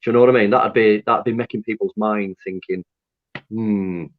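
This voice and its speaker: A man with a fairly low voice tells his story candidly and with animation. He swears freely and laughs at himself as he goes. The recording is dull and muffled. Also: fairly even intonation, moderate pace. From Lancaster, North West England. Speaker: interview guest. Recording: dull lo-fi audio.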